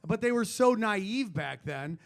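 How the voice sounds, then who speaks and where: A man trading crude, loud jokes as a guest on a live podcast in front of an audience. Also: high voice, lively intonation, unhurried, gravelly. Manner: loud joking, crude and brash. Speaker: guest comedian.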